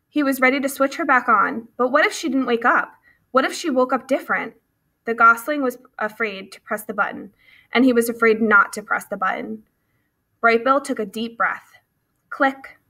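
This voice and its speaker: A woman reading a children's novel aloud with steady, clear storytelling and a few small slips. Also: on the high side. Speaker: audiobook reader.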